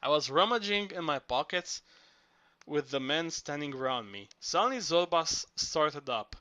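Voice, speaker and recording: A man reading novel narration aloud, steady with small restarts. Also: fairly high pitch, moderate pace, dry recording. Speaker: audiobook reader.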